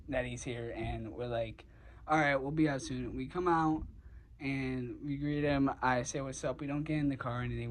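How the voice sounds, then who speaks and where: A man's voice: medium pitch, darkish tone, a little hiss or hum, poor audio. A young man casually telling a personal story, rambling with lots of fillers and swearing. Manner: rambling, filler-heavy, profane, gets heated. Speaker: vlogger.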